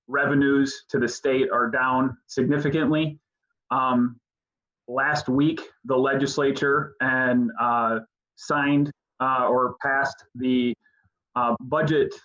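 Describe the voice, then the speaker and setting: A man giving a policy briefing at a virtual town hall, talking fast with many fillers and restarts over a video call. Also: mid-range voice, a bit bright. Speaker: state legislative policy advisor. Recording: dull lo-fi video call audio.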